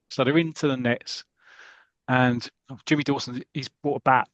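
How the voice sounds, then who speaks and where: A man's voice: mid-range voice, normal speed, dry recording. A man hosting a podcast, animatedly retelling a comic strip and acting out its scenes. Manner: animated, acts out the story as he reads. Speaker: podcast host.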